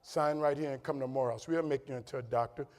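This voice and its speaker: A middle-aged man with a New Orleans accent giving an animated motivational speech full of stories, acting out the voices of people he quotes. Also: mid-range voice, fast, a little hiss or hum. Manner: animated, acts out quoted voices, laughing asides. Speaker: keynote speaker. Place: large hall with audience. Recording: long hall reverb.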